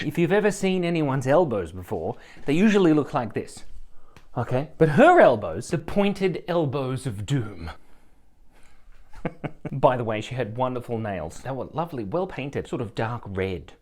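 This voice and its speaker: A man's voice: medium pitch, expressive, moderate pace, a little mellow. A middle-aged Australian man telling a comic story, rambling with absurd asides and chuckling at his own jokes.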